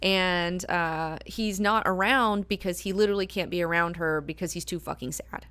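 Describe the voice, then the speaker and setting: A woman's voice: lowish voice, normal speed, fairly bright tone, clean tone. A woman hosting a book club discussion, talking casually with many fillers and frequent swearing. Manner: chatty, filler-heavy, swears freely.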